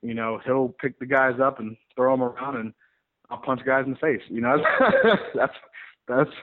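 A man who wrestles, telling stories in a rambling, animated way in a casual interview. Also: mid-range voice, moderate pace. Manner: rambling, animated storyteller with many restarts. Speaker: pro wrestler guest. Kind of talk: casual interview over the phone. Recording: tinny phone line.

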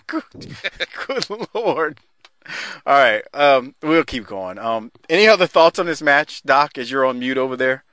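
A male podcast host joking around in casual chat, laughing easily and cursing. His voice is bright and swings widely in pitch, and the recording is dry. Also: lively intonation, normal speed, hardly any pauses, smooth, no echo.

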